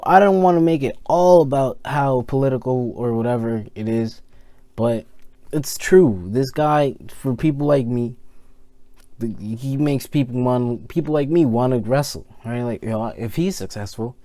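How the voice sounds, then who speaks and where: A man's voice: medium pitch, normal speed, no echo. Rambling young man ranting casually. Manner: animated, rambling, lots of fillers and repeats. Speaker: wrestling review vlogger. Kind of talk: casual rant to camera.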